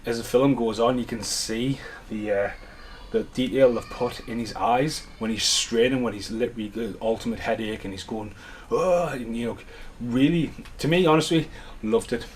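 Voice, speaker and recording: A man in a mid-pitched voice chats his way through an unboxing at home, rambling from point to point. He sounds keen about what he is showing, with a faint hiss of noise under the voice. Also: moderate pace. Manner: chatty, rambling, enthusiastic. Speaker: home media collector vlogger. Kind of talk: casual unboxing chat.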